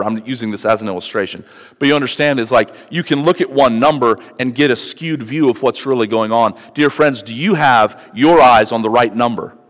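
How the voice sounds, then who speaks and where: Male pastor, mid-pitched, chatty sermon with emphatic build-ups, hall reverb.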